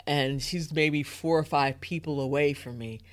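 Animated woman telling a story. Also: sits low, measured pace. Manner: lively, acts out inner thoughts and quotes. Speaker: interview guest, educator.

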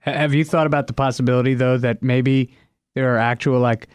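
A man's voice: mid-range voice, fairly even intonation, a little fast, smooth, dry recording. A man co-hosting a podcast, joking in casual chat. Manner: joking, laughing. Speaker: podcast co-host.

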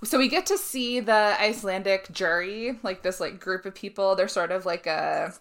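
A woman co-hosting a podcast in casual chat, talking with quick asides and frequent laughter. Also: mid-range voice, a bit bright. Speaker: podcast co-host.

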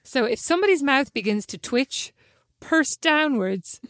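A woman with a fairly high voice co-hosting a podcast and telling animated, self-deprecating stories. She is recorded close on a dry studio mic. She chats loosely and playfully. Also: unhurried, dry recording. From Ireland. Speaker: podcast co-host. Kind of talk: casual chat.

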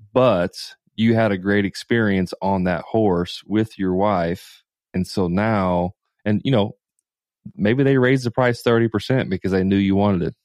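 Deep-voiced male sales coach on a podcast. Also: a little mellow, no room sound, clean studio sound. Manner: coaching, direct, talks to listeners. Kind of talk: casual podcast chat, advice.

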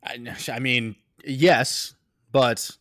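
A man's voice: medium pitch, fairly even intonation, extremely slow, fairly bright tone, no echo, clean studio sound. A man co-hosting a casual soccer podcast, laid-back and wry, often trailing off. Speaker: podcast co-host. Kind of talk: casual chat.

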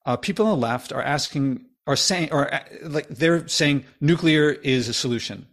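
A man in his fifties hosting a podcast, chatting casually and eagerly with a guest. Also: fairly high pitch. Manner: quick, animated, chatty with restarts. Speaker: podcast host. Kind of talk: casual conversation.

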